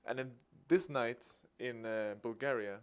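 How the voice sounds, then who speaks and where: A man's voice: mid-range voice, unhurried, clear, resonant tone. Swedish man telling a story. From Sweden. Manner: lively storyteller acting out dialogue with a chuckle. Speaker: activist speaker. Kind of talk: public talk.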